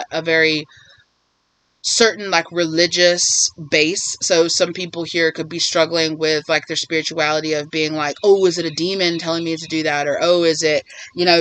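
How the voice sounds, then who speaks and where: A man giving a casual spiritual tarot reading, rambling and animated, often acting out what others might say. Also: on the high side, rough recording. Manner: rambling, animated, acts out quoted voices. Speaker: tarot reader.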